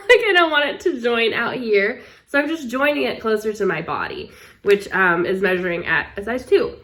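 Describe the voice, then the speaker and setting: A woman's voice: on the high side, very animated, moderate pace, fairly bright tone. Wheezy, easygoing woman co-host. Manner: easygoing, self-deprecating, coughs and clears throat. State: wheezy from asthma. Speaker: podcast co-host. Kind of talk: casual chat about knitting.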